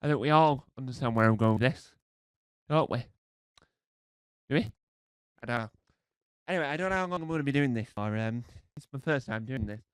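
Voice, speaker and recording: A man's voice: medium pitch, fairly quick, long pauses, smooth, no room sound, low-quality recording. A man with a cold doing a rambling, self-deprecating live stand-up set. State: has a cold. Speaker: stand-up comedian.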